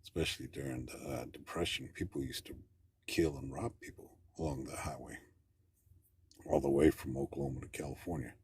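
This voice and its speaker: A man's voice: very deep voice, steady tone, a little fast, vocal fry, darkish tone, a little hiss or hum. A man calling in to tell a story, talking in a plainspoken, rambling way with folksy grammar. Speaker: caller. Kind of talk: casual storytelling.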